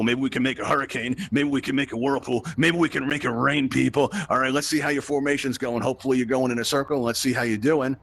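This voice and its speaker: A man's voice: medium pitch, fairly bright tone. A man hosting a live virtual reality tutorial, talking a group through the controls in a chatty, upbeat way and checking in with them constantly. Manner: upbeat, chatty, addresses the crowd with frequent "right?" checks. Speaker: VR event host and instructor.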